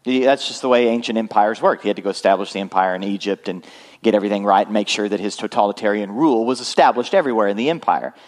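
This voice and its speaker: A man's voice: fairly low pitch, quick pace. Male pastor, conversational sermon delivery, frequent check-ins with the congregation. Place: church.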